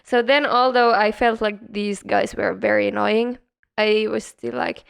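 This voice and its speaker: A woman's voice: medium pitch, level tone, a little slow, vocal fry, smooth. A woman co-hosting a casual hospitality podcast, chatting about her front desk job with frequent giggles. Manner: giggly, self-deprecating, lots of laughter. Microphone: podcast microphone.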